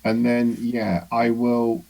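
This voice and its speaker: A man's voice: medium pitch, completely flat delivery, slow, vocal fry, darkish tone. A man playing a tabletop game, talking casually and stammering over his words. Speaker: player.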